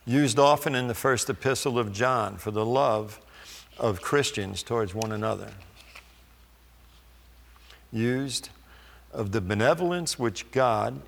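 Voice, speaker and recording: A man preaching a sermon, reading scripture slowly and deliberately with pauses. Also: medium pitch, creaky, a bit bright, big-room sound.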